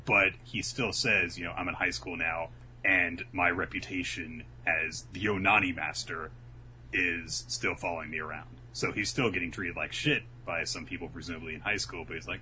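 A man with a very low voice tells a story in loose, casual chat and slips into quick put-on voices for the quotes. His tone is bright and sharp. A faint hum sits under the recording. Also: rough recording. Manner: rambling, animated, acts out quotes in voices. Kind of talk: casual chat recapping a manga.

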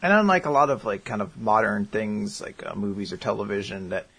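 A man's voice: lowish voice, brisk, vocal fry, slightly rough. A man co-hosting a podcast, chatting casually and joking around, reading out listener answers. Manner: animated, jokey, puts on silly voices when quoting. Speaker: podcast co-host. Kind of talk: casual chat.

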